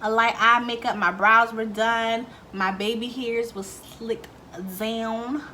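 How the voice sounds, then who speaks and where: Young woman vlogger, bright and slightly high voice, chatty storyteller, faint background ambience. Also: slow pace, a little hiss or hum. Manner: chatty, animated, swears freely, acts out quotes. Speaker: beauty vlogger. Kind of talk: casual storytelling vlog.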